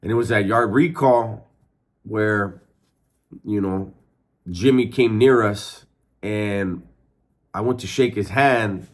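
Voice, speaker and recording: A man's voice: on the low side, slow pace, long pauses. A middle-aged former prisoner telling his story candidly, in street slang, with lots of restarts and swearing. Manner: streetwise, profane, frequent restarts.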